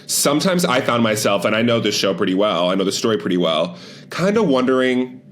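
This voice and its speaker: A man's voice: fairly low pitch, sing-song, fairly quick, fairly bright tone. A man in casual chat, weighing his views on a film thoughtfully, with many fillers and hedges. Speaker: podcast guest.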